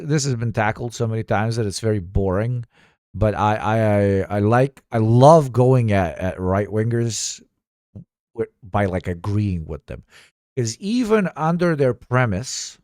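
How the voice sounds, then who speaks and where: A man's voice: mid-range voice, no room sound, studio quality. A man streaming reaction commentary, swearing freely, laughing often, and pressing his points with energy. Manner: profane, animated, laughs a lot.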